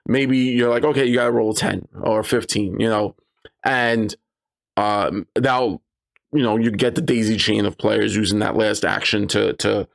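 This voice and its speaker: Gravelly guy telling tabletop game stories, animated, squeaks up high when he quotes his players. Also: normal speed. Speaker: game master giving advice. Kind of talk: casual advice talk with anecdotes.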